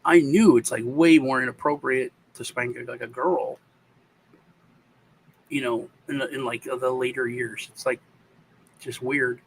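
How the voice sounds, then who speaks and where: A man's voice: medium pitch, fairly even intonation, a little slow, pauses often, slight background noise, poor audio. A middle-aged man hosting a casual chat, rambling and acting out family stories in changed voices. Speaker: show host.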